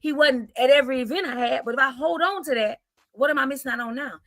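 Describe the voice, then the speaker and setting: A woman in her forties with a fairly high voice talks earnestly and encouragingly, leaning into a preachy tone as she gives advice. Her voice is close and dry, with no room echo. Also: fast, fairly bright tone. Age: 40s. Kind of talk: podcast talk.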